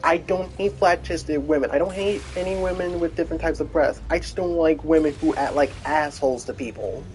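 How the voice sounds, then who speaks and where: A man's voice: a little high, a little fast, darkish tone, slight background noise. A man streaming a video game, rambling in casual chat with many restarts and fillers.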